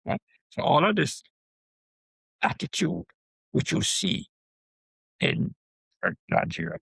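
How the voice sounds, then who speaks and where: An older man from Jamaica, a professor guest, talking in an animated storytelling way with frequent asides. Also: fairly high pitch, gravelly, husky, no echo. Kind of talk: conversational interview.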